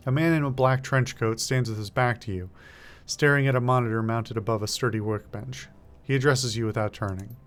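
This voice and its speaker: Male streamer, relaxed narration of a game, musing aloud, faint music bed. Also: medium pitch, moderate pace. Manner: casual, musing aloud, stumbles on words. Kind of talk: reading a game aloud and commenting.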